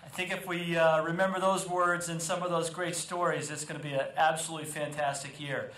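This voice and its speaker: A man, the head of school, introducing speakers at an outdoor ceremony in a steady manner with many hesitations. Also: fairly high pitch, brisk, slight background noise. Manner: steady, with frequent "uh" fillers. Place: outdoor quad. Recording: echoey outdoor PA, faint ambience.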